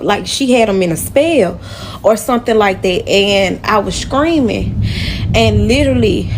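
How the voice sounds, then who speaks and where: A woman's voice: medium pitch, slight background noise. A woman telling a personal story to her camera in a casual, emotional way, speaking straight to her viewers.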